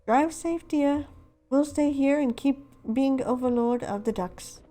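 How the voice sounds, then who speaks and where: Fussy old mum in a put-on British accent, played by a woman, nagging gently, voice high and soft. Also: a little slow, soft background music. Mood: fond. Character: fussy elderly mother, British-tinged.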